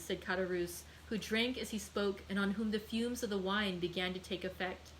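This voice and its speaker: A woman librarian reading a classic novel aloud with steady, clear storytelling. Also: medium pitch, moderate pace, few pauses, slight background noise, poor audio. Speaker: librarian hosting a read-aloud.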